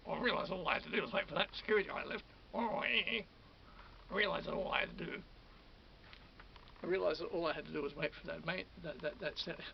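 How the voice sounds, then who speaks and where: A worked-up vlogger, still on adrenaline, rambles through a personal story to camera, fast-talking, repetitive and restarting often as he quotes others. His voice is slightly high and gravelly. The camera or phone mic gives dull lo-fi audio with faint hiss.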